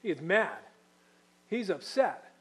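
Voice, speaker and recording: Slightly high-voiced male pastor preaching. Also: very animated, slow, slightly rough, poor audio. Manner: conversational storytelling, frequent restarts and asides. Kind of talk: sermon.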